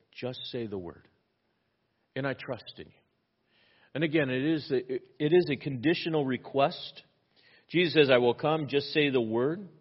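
A man preaching a sermon, asking rhetorical questions and repeating key phrases, often dropping to a hushed, intense tone. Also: medium pitch, highs cut off. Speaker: pastor.

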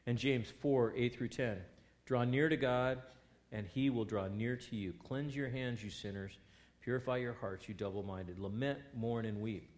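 A man preaching a sermon, reading scripture aloud and putting rhetorical questions to his listeners, swinging between loud emphasis and quiet asides. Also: mid-range voice, normal speed, a little hiss or hum.

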